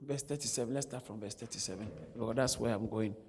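A fast-talking preacher with a creaky mid-range voice keeps his sermon animated with rhetorical questions and jokes he laughs at himself. There's long hall reverb and a little hiss or hum.

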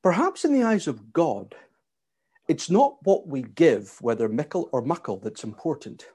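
A man preaching a sermon in a measured, emphatic way. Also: on the high side, sing-song, warm tone, husky. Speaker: pastor.

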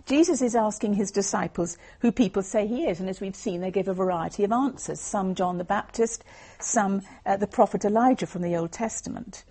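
A woman delivers an evangelistic Bible talk in an earnest, explanatory way. Her voice is warm and mellow, with a husky, breathy texture. She sits at a middling pitch for a woman. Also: fairly quick. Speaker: lay speaker giving a Christian talk.

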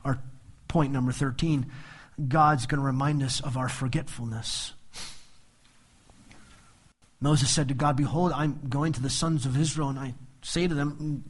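Man preaching an animated Bible sermon. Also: medium pitch, a little slow, long pauses, husky. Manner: animated, acts out quoted voices with humor. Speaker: pastor.

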